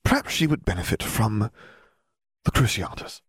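A man voicing a calm, manipulative young male wizard who speaks softly and persuasively. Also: lowish voice, moderate pace, no echo, clean studio sound, voice pushed up, full character voice. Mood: coaxing. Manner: soft, smooth, persuasive. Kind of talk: audiobook character voice.

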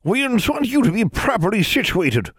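A man voicing an ancient, wizened Ozark granny with a high, cracked drawl, cryptic and sly. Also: big pitch swings, normal speed, fairly bright tone, breathy edge, no echo, studio quality, heavily acted. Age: elderly.

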